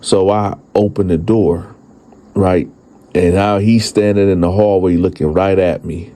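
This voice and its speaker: A man telling his own story in a casual, profane, animated way, speaking straight to his listeners. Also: sits low, a little slow.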